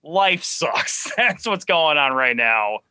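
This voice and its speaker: A man, a guest on a sports chat show, talking fast and excitedly as a diehard fan, often restarting his words. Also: a little high, smooth, no echo. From Chicago suburbs.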